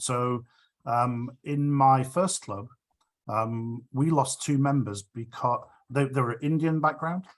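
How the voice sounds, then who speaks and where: A man speaker answering audience questions after his talk, earnest and agreeable, often restarting his sentences. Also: mid-range voice. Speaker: guest speaker.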